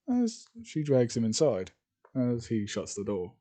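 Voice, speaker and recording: Male storyteller, casual and rambling, mellow dark voice. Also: mid-range voice, huge pitch swings, a little slow. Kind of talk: reading a fan story aloud.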